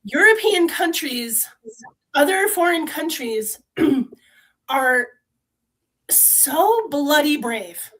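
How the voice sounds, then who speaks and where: A woman's voice: high voice, expressive, drawn-out words, long pauses, a bit bright, poor audio. A woman guest with a strong, trained voice, speaking fervently and bluntly in a conversation and swearing freely. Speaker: podcast guest. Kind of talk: impassioned conversational rant.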